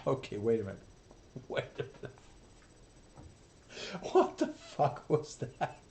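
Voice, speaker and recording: A man's voice: medium pitch, wildly swooping pitch, takes it slowly, vocal fry, mellow, slight background noise. A middle-aged man hosting a reaction video, casual and profane, breaking into laughter and exasperated outbursts. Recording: roomy echo with faint music.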